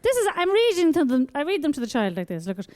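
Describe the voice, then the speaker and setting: An Irish woman doing stand-up on a club stage, her voice pitched high and bouncing wildly up and down. She talks in an animated, sing-song, baby-talk way. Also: fast talker. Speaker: stand-up comedian. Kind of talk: stand-up comedy routine.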